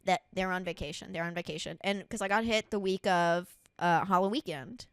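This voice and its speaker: Young woman host, animated profane storyteller, dry close sound, comedic podcast chat. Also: fairly low pitch, a little fast, dry recording.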